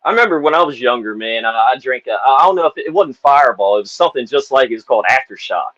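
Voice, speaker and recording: A man's voice: medium pitch, lively intonation, quick pace, a bit bright, dry recording, dull audio. A man hosting a casual interview, laid-back, peppering every sentence with "man" and "you know". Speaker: interviewer host.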